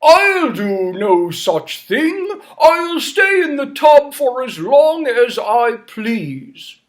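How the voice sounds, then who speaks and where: A man voicing a stubborn, pompous older king in a children's story, with loud, drawn-out proclamations. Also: extremely high pitch, very animated, pitched above the performer's own voice, exaggerated voice. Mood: boisterous.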